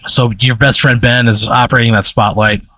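A man's voice: medium pitch, flat delivery, a little fast, bright, forceful tone, no echo. A man telling a long, rambling comedic story in casual chat, full of "like" and "right?".

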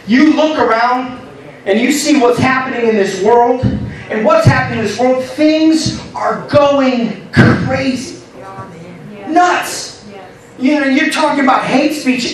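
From a distance, with a roomy echo, comes a man's very high voice as he preaches as pastor. He tells a story with laughter and calls to the congregation, call-and-response style.

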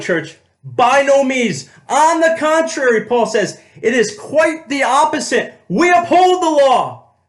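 A male pastor delivers an emphatic sermon in a high, lifted voice. He repeats his key phrases and slows down to stress quoted words, calling out to the congregation as he goes. The sound carries the echo of a church room.

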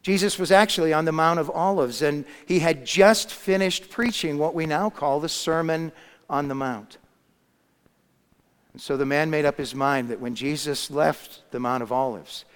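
A man's voice: a little high, normal speed, smooth. Preacher man telling a story in a reverberant hall. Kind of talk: sermon storytelling.

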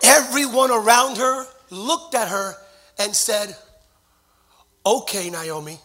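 A middle-aged man preaching a sermon, moving from quiet storytelling to shouted, fervent declarations and call-and-response with the congregation. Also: very high voice, slow, noisy background. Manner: playful, sings snatches of songs and jokes with the crowd. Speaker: pastor.

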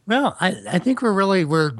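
A man's voice: high voice, expressive, a little fast, dry recording. A man from Miami co-hosting a casual podcast, talking with enthusiasm and many restarts. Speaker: podcast co-host.

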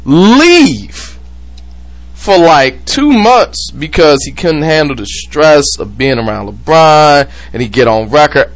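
A man's voice: fairly high pitch, slow. A man hosting a sports podcast, ranting loosely and profanely with whiskey on hand, drifting into impressions. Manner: animated, profane, ranting, mimics people. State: drinking whiskey. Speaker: podcast host. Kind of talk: casual sports chat.

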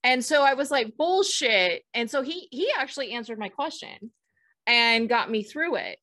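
A woman with a fairly high voice tells stories in an animated, blunt way, with some casual swearing. She is co-hosting a relaxed conversation. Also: normal speed. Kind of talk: casual chat, personal storytelling.

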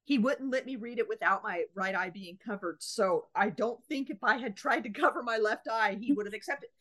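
With a fairly high pitch and moderate pace, a woman co-hosting a podcast relates an animated story in easygoing talk. She acts out the dialogue from both sides.

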